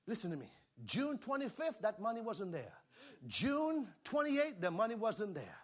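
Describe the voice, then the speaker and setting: A man preaching an exuberant sermon, often shouting and laughing, calling on the congregation to respond. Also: sits high, big pitch swings, normal speed.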